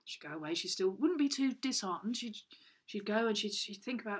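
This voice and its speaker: A woman's voice: medium pitch, expressive, a little fast, slightly rough. A woman telling a silly, rambling story for children, with playful voices and lots of restarts. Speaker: children's show co-host. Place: home.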